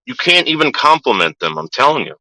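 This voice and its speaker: A man's voice: mid-range voice, big pitch swings, brisk, sharp tone, no room sound, poor audio. A middle-aged man ranting casually to his viewers, swearing a lot and stumbling over repeated words. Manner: profane, stammering repeats. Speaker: vlogger. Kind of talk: casual rant.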